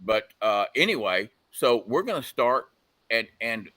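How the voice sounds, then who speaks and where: A man guesting on a motorcycle talk show, telling animated stories and laughing as he goes. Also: mid-range voice, unhurried. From United States. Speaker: guest, motorcycle engine builder. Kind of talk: casual chat.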